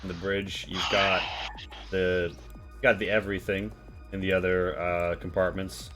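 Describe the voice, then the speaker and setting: A man's voice: deep voice, flat delivery, unhurried, a bit bright, faint music behind. A man narrating as game master of a tabletop game, rambling with many fillers.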